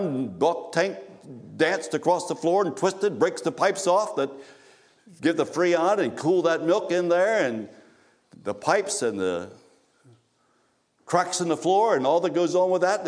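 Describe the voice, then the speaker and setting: A man, a pastor, preaching a sermon in a church, telling a personal story and repeating phrases for emphasis, with frequent restarts. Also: a little high.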